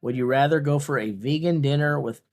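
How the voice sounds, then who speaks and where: A man's voice: medium pitch, fairly quick, darkish tone. A man hosting a casual watch-along of a strongman contest, talking in a playful, jokey way with rambling asides. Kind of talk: casual live commentary.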